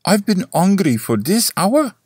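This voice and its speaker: A man's voice: sits high, very animated, unhurried, slightly rough, no echo, pitched above the performer's own voice, full character voice. A man doing roaring hungry boys, mock German. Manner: loud, roaring complaint.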